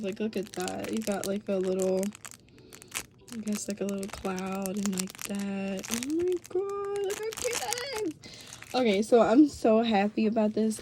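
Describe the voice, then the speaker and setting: A woman's voice: medium pitch, warm tone, a little hiss or hum. Gushing young woman unboxing doll clothes. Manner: gushing, gasping, filler-heavy, drops to whispers. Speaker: vlogger. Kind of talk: casual unboxing vlog.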